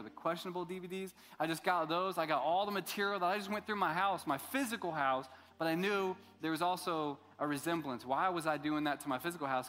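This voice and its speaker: Middle-aged male pastor; relaxed, joking storyteller who acts out quotes; mid-high voice with long hall reverb. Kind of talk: sermon.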